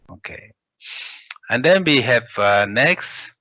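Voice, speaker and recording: A man teaching a language class, spelling out syllables one at a time in a slow, halting way. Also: medium pitch, expressive, bright, forceful tone, no room sound. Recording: dull lo-fi sound.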